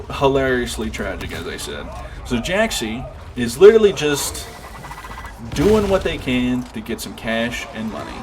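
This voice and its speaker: A man streaming a game, chatting casually and rambling with lots of fillers and restarts. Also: mid-range voice. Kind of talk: casual chat while gaming. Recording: game noise in background.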